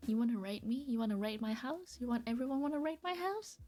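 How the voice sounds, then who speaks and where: A woman's voice: a little high, quick pace, mellow. A woman streamer chatting casually and playfully with her viewers, teasing and often giggling. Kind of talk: casual live-stream chat.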